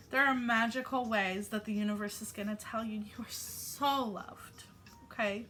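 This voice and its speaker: Brief: affectionate spiritual channeler woman, bright and high, faint music behind. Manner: affectionate, encouraging, loose with fillers. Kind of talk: casual spiritual message to viewers.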